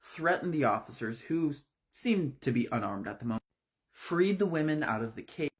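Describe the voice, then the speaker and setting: A man's voice: fairly high pitch, lively intonation, normal speed. A man casually retelling a horror story, in a loose, conversational way.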